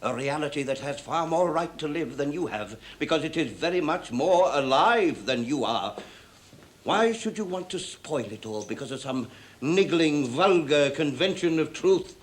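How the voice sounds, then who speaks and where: An actor plays an intense father figure in a stage drama who argues with grand, earnest eloquence. His voice is fairly high. His pitch rises and falls in a lively way. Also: normal speed, lightly acted. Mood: impassioned.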